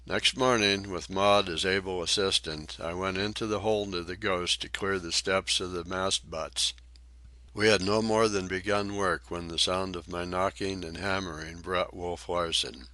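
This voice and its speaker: A man reading an adventure novel aloud as audiobook narrator, in steady, even storytelling. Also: low voice, a little slow. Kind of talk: scripted narration.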